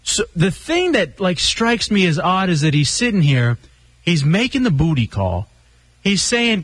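A man's voice: high voice, big pitch swings, a little slow, a bit bright, breathy edge, dry recording. Chatty radio host man, dry studio sound. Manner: chatty, joking, reads quotes aloud. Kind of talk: casual radio talk.

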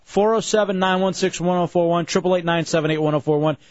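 Man, radio host, casual joking chat, fairly high voice, dry slightly dull broadcast sound. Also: fairly even intonation, fast, dry recording. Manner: upbeat, joking, rattles off phone numbers. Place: radio studio. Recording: slightly muffled broadcast audio.

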